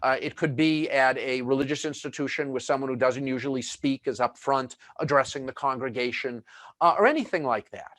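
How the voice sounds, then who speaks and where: A man's voice: medium pitch, fairly quick, a bit bright, no echo, clean studio sound. A man presenting a webinar in a chatty, conversational way, full of fillers and asides.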